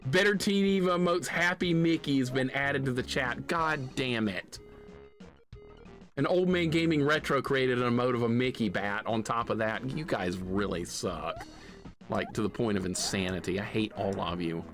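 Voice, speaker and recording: A man live-streaming a retro game, excitable and jokingly grumpy as he rants at his chat. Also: mid-range voice, moderate pace, faint music behind. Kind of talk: casual live-stream commentary.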